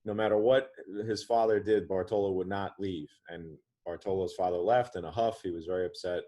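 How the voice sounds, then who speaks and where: Deep-voiced man telling an animated story. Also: brisk. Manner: animated anecdote-telling with frequent restarts. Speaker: author and interview guest. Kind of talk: storytelling in a podcast interview.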